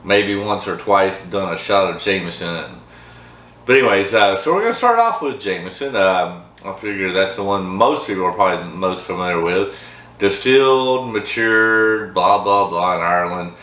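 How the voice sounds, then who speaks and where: A man's voice: low-pitched, lively intonation, normal speed, a bit bright, recorded from a distance. A man hosting a casual whiskey tasting vlog, chatty and upbeat with frequent laughs. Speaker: host of a whiskey review channel. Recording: echoey room with faint background hum.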